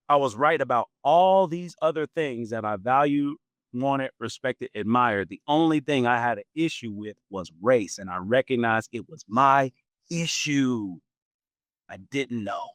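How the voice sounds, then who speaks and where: A man in his forties hosting a podcast, telling a personal story in a casual, animated way and laughing often. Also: unhurried, dry recording. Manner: animated, acts out quoted voices with big pitch jumps. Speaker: podcast host.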